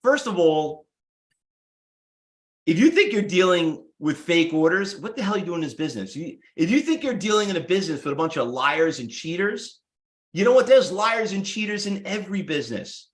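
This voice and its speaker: A man's voice: high voice, big pitch swings, normal speed, echoey room. A man teaching stock trading to a live class, blunt and salesy, firing off rhetorical questions. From United States. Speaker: trading instructor. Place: room with live students.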